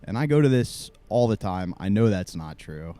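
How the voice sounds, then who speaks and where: A man co-hosting a podcast, telling a story in a casual, animated way and acting out the other people in it. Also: lowish voice, moderate pace. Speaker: podcast co-host.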